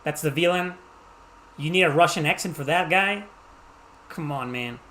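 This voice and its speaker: A man's voice: fairly high pitch, moderate pace, bright, forceful tone, a little hiss or hum. A man from Mexico with a Mexican accent streaming a game live, chatting casually and teasing the characters on screen. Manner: casual, joking, teases the game's characters. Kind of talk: live gameplay commentary.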